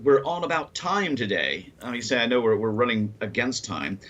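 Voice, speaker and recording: A man acting as quiz master on a live stream, explaining rules in a measured, patient way. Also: medium pitch, lively intonation, fairly bright tone. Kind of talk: casual chat and quiz hosting.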